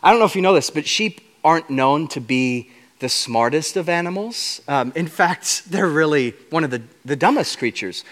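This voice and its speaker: A man preaching a sermon as a guest speaker, animated and playful as he unpacks Hebrew words. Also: on the high side. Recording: long reverb of a large hall.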